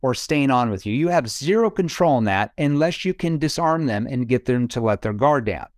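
In clean, dry studio audio, a mid-range male voice with lively intonation moves at a normal speed. He's a sales trainer on a coaching podcast, walking through his wording, role-playing calls with prospects and posing rhetorical questions.

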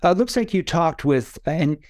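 A man's voice: a little high, expressive, measured pace, a little mellow, dry recording. A man coaching on sales calls, explaining his phrasing and acting out calls with prospects. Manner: acts out phone calls with prospects; explanatory, asks rhetorical questions. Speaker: sales trainer. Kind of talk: sales coaching podcast talk.

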